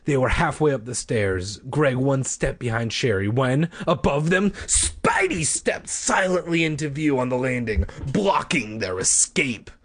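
A man's voice: medium pitch, lively intonation, a little slow, hardly any pauses, a bit bright, breathy edge. A man reading a children's horror book aloud, breaking off for playful, self-mocking asides and swearing. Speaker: reader.

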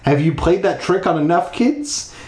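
A man's voice: on the high side, expressive, moderate pace, a little mellow, voice pushed up, close to an everyday voice. A stern, exasperated middle-aged man scolds a boy for his tricks, as a man reading aloud puts him on. His voice swings up and down with irritation. It echoes off the hard walls of a bathroom. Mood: scolding. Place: bathroom, in a bathtub.

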